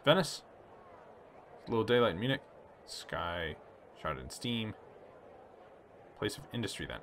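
A man hosting a relaxed let's play, reading story text aloud and chatting about his choices. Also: lowish voice, a little slow, a little hiss or hum. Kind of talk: casual gameplay commentary reading game text aloud.

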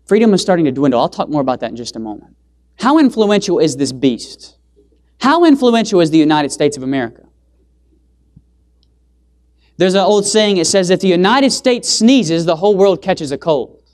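A man's voice: very animated, brisk. Brief: emphatic male preacher quizzing the congregation. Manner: emphatic, asks the audience rhetorical questions; swings pitch and loudness for emphasis. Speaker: evangelist preacher. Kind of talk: sermon. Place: church.

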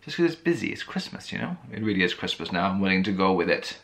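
A man's voice: low-pitched, very animated, quick pace, gravelly, fairly bright tone. A man from Wales chatting casually in his bedroom for his vlog, rambling and friendly, a little tired and losing his voice. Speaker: vlogger. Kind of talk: casual chat.

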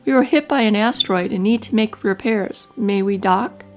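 A woman's voice: medium pitch, moderate pace, close to an everyday voice. A woman voicing a bold twelve-year-old girl who captains a spaceship, urgent and commanding.

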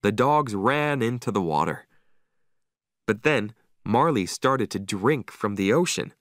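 A man narrating a simplified story for English learners, slow, carefully enunciated and expressive. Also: fairly low pitch, dry recording, clean studio sound.

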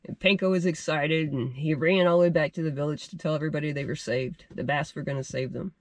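A man's voice: on the high side, fairly even intonation, quick pace, dry recording. A man hosting a fishing channel, telling a made-up story in a casual, rambling way with fillers and self-corrections.

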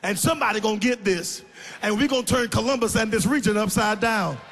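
A man preaching a sermon, building emphatic lines into shouted sing-song cadences and calling for responses from the congregation. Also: sits high, fairly quick. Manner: calls for audience responses. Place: large church sanctuary. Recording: reverberant church hall.

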